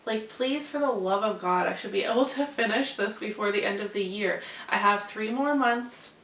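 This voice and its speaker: A woman's voice: mid-range voice, normal speed, a bit bright, a little hiss or hum. A woman vlogger chatting casually to camera with a stuffy, congested voice, rambling and hopeful in tone. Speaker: beauty vlogger. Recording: roomy echo, mic at a distance, faint ambience.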